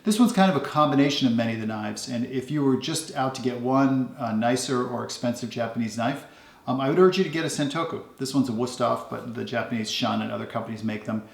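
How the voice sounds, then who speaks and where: A man casually showing off his kitchen knives at home, talking in a relaxed, rambling way with lots of ums. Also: medium pitch, fast talker, vocal fry, echoey room. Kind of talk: casual show-and-tell.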